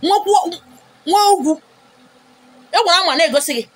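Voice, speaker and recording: A high-voiced middle-aged woman with a Nigerian accent, ranting straight to her vlog audience. She scolds and hurls insults, her voice jumping up into sharp, loud outbursts. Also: fairly quick. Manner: wears a wig on camera. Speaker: vlogger.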